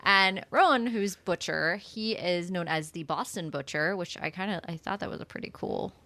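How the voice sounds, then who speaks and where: Woman host, lowish voice, dry close sound, chatty and enthusiastic. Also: normal speed, creaky, pushed and bright, no room sound. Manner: enthusiastic, chatty, with many fillers and asides. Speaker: podcast host. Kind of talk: casual book club chat.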